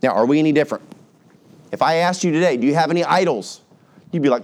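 Male American pastor, casual teaching sermon, lively delivery with quick asides. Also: a little high. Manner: conversational, animated, puts on voices for everyday examples.

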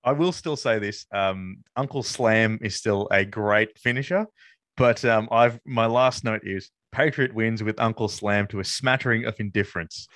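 A man's voice: fairly low pitch, moderate pace, fairly bright tone, no echo, studio quality. A man co-hosting a wrestling podcast, talking casually and rambling with lots of fillers. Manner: rambling, amused, many fillers. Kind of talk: casual review chat.

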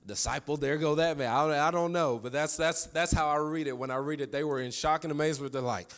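A man's voice: on the high side, steady tone, quick pace, fairly bright tone, smooth. A man preaching a sermon, repeating his lines for emphasis and calling on the congregation to answer back. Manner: fervent call-and-response preaching, repeats phrases.

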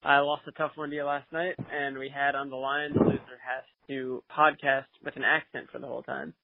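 A man's voice: mid-range voice, little pitch movement, a little fast, gravelly, no echo. A man with a nasal voice, co-hosting a casual podcast and joking often from a hotel room. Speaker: podcast co-host. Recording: tinny phone line.

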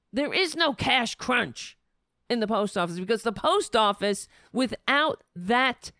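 A woman's voice: a little high, fairly bright tone, no echo, clean studio sound. A woman hosting a political commentary show, delivering an indignant, sarcastic monologue. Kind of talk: opinionated monologue.

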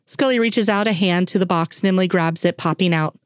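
A woman reads a story aloud in a steady, unhurried way. Her voice sits a little low. The recording is dry, with no room echo. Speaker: reader. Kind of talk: reading fan fiction aloud.

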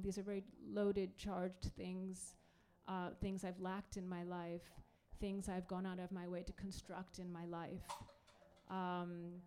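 A middle-aged woman speaking on a festival panel, reflective and hesitant, with many pauses and restarts. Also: fairly low pitch, warm tone, smooth. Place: onstage at a public event.

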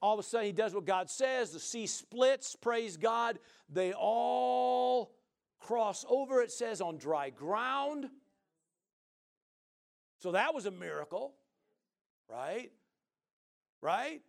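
A man preaching a sermon in a folksy, joking way, often asking the listeners "right?" and swinging from loud to soft. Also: sits high, lively intonation, slow, long pauses.

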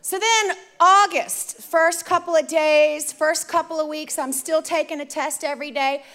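A woman preaching, telling a personal story to the congregation in an animated, conversational way. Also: sits high, measured pace. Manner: animated, addresses the audience directly, conversational. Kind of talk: sermon storytelling.

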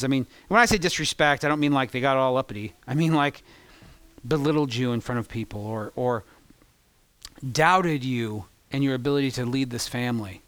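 A man preaching a sermon as pastor, impassioned, swinging between loud peaks and hushed, confessional asides. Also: mid-range voice, brisk, no room sound.

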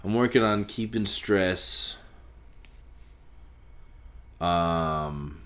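A young man hosting a solo podcast, rambling and swearing casually, talking in circles and breaking into loud shouts. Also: low-pitched, extremely slow, clean tone. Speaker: podcast host.

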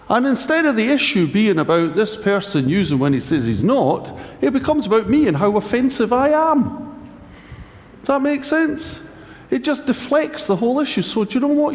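A man's voice: high-pitched, darkish tone. A man preaching a conversational sermon, wry and anecdotal with self-mocking humour. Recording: echoey hall reverb.

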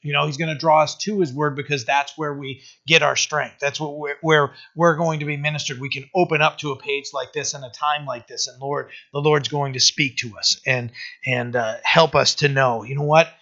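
A man preaching as a pastor in a casual verse-by-verse sermon, talking conversationally with many fillers and reading scripture slowly. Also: a little high, steady tone, sharp tone. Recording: dull lo-fi sound.

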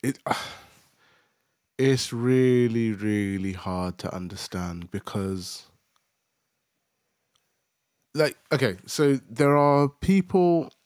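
A man's voice: mid-range voice, animated, drawn-out words, long pauses, darkish tone, clear, resonant tone, no echo, clean studio sound. A man co-hosting a podcast, explaining his view thoughtfully. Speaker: podcast co-host. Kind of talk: casual chat.

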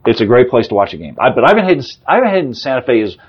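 A very animated sportswriter in his fifties, with a husky mid-range voice, guests on a casual sports interview. His talk is rapid and improvised, full of fillers and restarts, and the audio is dull.

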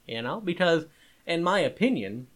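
A man co-hosting a casual podcast, telling a story in an animated, exasperated way. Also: on the high side, moderate pace. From Italian-American. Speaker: podcast co-host. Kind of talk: casual chat.

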